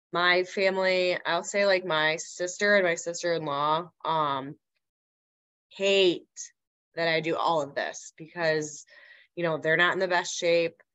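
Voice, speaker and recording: A woman's voice: on the low side, bright, forceful tone, smooth, highs cut off. A young woman fitness coach talking casually on a business call, rambling with many fillers.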